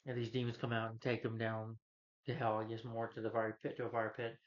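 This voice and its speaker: A man's voice: lowish voice, completely flat delivery, brisk. A man recapping a movie plot in a casual, rambling way, with many fillers. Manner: rambling, frequent "you know" fillers. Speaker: movie reviewer. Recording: dull lo-fi recording.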